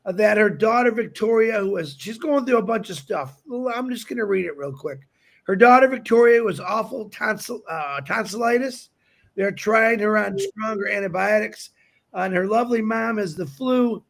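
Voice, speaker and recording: A man's voice: high-pitched, gravelly, fairly bright tone. An older man hosting a livestream, effusive and repetitive, reading birthdays and prayer requests with frequent fillers. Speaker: livestream host.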